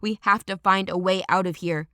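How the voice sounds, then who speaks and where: A woman's voice: medium pitch, steady tone, normal speed, fairly bright tone, no room sound, studio quality, natural voice. Woman reading as a snappish young male shifter. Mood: bitter. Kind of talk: audiobook character reading.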